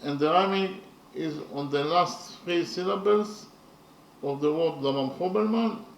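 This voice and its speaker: Slow gravelly man lecturing from afar. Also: fairly high pitch. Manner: deliberate, repetitive, with hesitant fillers. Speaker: literature lecturer. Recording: roomy, from a distance, faint noise.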